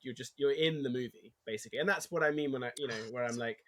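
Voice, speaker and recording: An English man speaks casually as a guest in an interview. His voice sits at an ordinary middle pitch. He tells stories with energy and often acts out what people said. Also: fast talker. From England. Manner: animated storytelling, acts out quotes, laughs easily. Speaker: actor guest.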